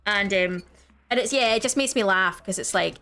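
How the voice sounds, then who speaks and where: A woman from the Scottish Highlands with a Scottish accent, co-hosting a gaming video and chatting casually, rambling with lots of fillers and restarts. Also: moderate pace, bright, forceful tone, faint music behind. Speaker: gaming channel co-host. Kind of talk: casual chat while gaming.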